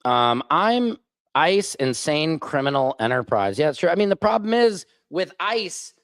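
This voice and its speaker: Profane American male stream host, lively swooping delivery, heated political rant, reads chat aloud. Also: on the high side, unhurried, no echo. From United States. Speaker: livestream host.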